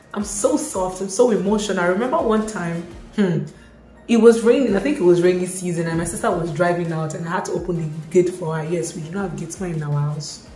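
A woman's voice: on the low side, dark tone. A young woman with a Nigerian accent, chatting expressively in a casual vlog, slipping in Yoruba asides. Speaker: vlogger. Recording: echoey room with faint music.

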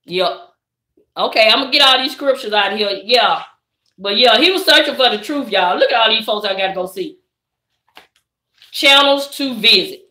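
Bright-voiced chatty woman on a live stream. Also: a little high, expressive, moderate pace, pauses often. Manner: chatty, preachy, calls viewers baby and y'all. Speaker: vlogger hosting a live stream. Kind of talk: casual live-stream chat. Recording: echoey room.

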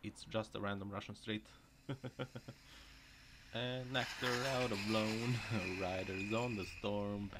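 A man's voice: lowish voice, fairly even intonation, takes it slowly. A man doing joking reaction commentary on driving clips, laughing often between remarks. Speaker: video commentator. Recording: noisy recording.

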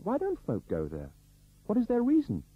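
Man doing a young woman's voice in an audiobook, earnest, asks a lot, husky. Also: mid-range voice, very animated, moderate pace, no echo, lo-fi sound. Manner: earnest, persistent.

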